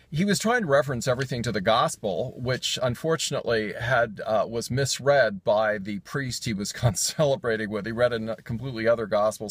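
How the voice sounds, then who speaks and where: A man's voice: on the low side, no room sound. A man casually recapping a sermon's jokes, rambling with fillers and self-corrections and chuckling as he goes. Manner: chuckles while telling jokes.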